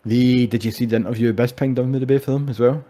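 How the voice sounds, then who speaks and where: A man's voice: mid-range voice, fairly even intonation, fast, warm tone. A young Scottish man chatting casually about fights as a co-host, swearing freely and telling stories with animation. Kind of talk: casual sports chat.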